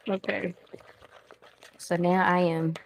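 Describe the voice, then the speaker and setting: A woman's voice: fairly low pitch, darkish tone, a little hiss or hum. Chatty Southern woman cooking live. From Southern United States. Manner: chatty, talks to viewers as friends. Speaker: home cooking livestream host. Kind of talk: casual live cooking chat. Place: home kitchen. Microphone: new microphone.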